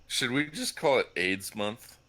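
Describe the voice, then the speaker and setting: A man's voice: medium pitch, animated, a little slow, pushed and bright. A man co-hosting a casual livestream, dropping short, dry one-liners. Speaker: co-host.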